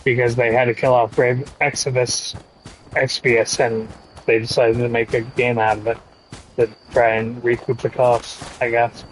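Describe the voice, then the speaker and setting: A man streaming a game, chatting with his audience in a slow, laid-back way with lots of swearing. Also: mid-range voice, level tone, slight background noise, low-quality recording. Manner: slow, laid-back, profane banter with chat. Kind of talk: casual gaming stream chat.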